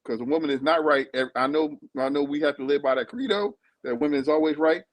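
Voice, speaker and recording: A man's voice: on the high side, quick pace, no echo, rough recording. A man hosting a casual live-stream chat, talking emphatically and repeating words as he stumbles over his thoughts. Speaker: host reviewing a reality show.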